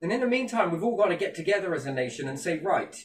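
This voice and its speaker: A British man with a high-sitting voice rants passionately and with plenty of swearing in a casual chat, his delivery animated and rapid-fire. He speaks with a British English accent. The recording sounds echoey, with a distant mic and faint ambience.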